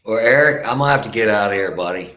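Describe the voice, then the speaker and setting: A man's voice: on the low side, fast, bright, forceful tone. A man joining a live stream chat as a guest, friendly, calling people buddy and brother. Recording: echoey room with faint noise.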